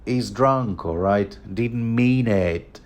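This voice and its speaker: A man doing a brisk, stern older lord. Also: medium pitch, natural voice. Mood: placating. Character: stern, cool older male lord smoothing things over.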